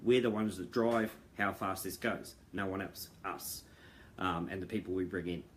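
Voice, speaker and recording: A man's voice: sits low, fairly even intonation, normal speed, a little hiss or hum. A middle-aged man talking earnestly to members on a video call, rambling with fillers and restarts. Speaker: founder addressing members. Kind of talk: casual monologue to viewers. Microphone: video call mic.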